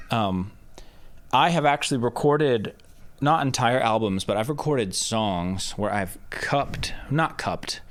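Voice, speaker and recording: A lowish-voiced man, a music producer, gives a laid-back demonstration of recording vocals, going through it step by step and testing with loud sung shouts. He talks into a handheld dynamic microphone around a foot away, and his home studio is treated with curtains and rock wool.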